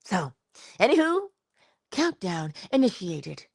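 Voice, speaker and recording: A woman hosting an inspirational morning livestream, musing and affectionate, drifting between hushed asides and bursts of laughter. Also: mid-range voice, sing-song, slow pace, vocal fry, very noisy. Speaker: livestream host. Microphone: livestream mic.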